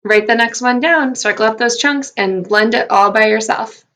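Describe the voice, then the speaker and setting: A woman first grade teacher giving a recorded phonics lesson, speaking slowly and clearly in an upbeat, encouraging way while sounding out letters and syllables. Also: on the high side, fairly bright tone.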